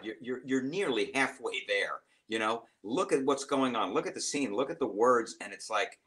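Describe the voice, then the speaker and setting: Male voice actor on a panel, bright forward tone, jokey and rambling. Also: medium pitch. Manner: rambling, jokey, halting restarts. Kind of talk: casual panel chat on a livestream.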